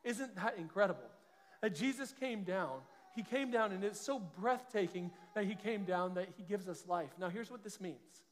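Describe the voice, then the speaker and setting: High-voiced preacher in an echoing hall. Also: male voice, animated. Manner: earnest, conversational preaching with quick restarts. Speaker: pastor. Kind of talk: sermon.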